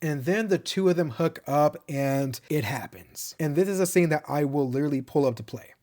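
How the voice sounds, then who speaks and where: A man's voice: a little high, normal speed, a little mellow, a little hiss or hum. A man giving a casual, rambling recap of a TV show, full of "like" fillers and fond enthusiasm. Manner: chatty and rambling, many "like" fillers and restarts. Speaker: TV show reviewer.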